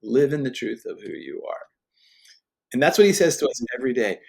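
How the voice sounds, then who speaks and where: A man's voice: medium pitch, lively intonation, gravelly, a little mellow. A man, a guest speaker, giving a conversational faith teaching in an earnest, emphatic way, often restarting his sentences. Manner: earnest and emphatic, with frequent restarts and quick laughs.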